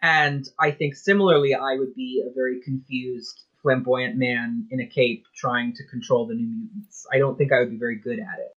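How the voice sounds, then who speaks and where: A man's voice: medium pitch, fairly even intonation, moderate pace, hardly any pauses, a bit bright, lo-fi sound. A man co-hosting a podcast, chatting casually and with wry, self-deprecating humor about comics. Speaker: podcast co-host. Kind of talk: casual chat recapping comics.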